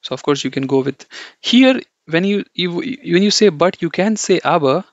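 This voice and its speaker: A man's voice: a little high, expressive, normal speed, no echo. A man teaching an online German lesson, explaining step by step with frequent checks like "okay" and "you know". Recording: dull, lo-fi dry recording.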